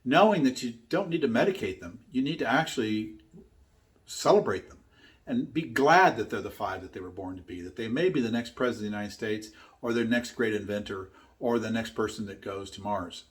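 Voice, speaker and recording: A man's voice: fairly low pitch, lively intonation, fairly quick. Earnest older man telling a story. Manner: earnest, emphatic storyteller who repeats key points. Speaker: speaker teaching his own method. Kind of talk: motivational talk with storytelling.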